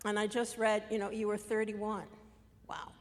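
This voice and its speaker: A woman's voice: mid-range voice, completely flat delivery, moderate pace, in a large hall. A woman introducing a guest speaker to an audience in a chatty, easygoing way. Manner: chatty, light laughter between lines. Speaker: event introducer.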